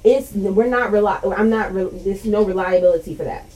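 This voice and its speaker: A woman arguing her point in a casual group debate, halting and restarting often. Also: medium pitch, warm tone, poor audio. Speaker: discussion participant.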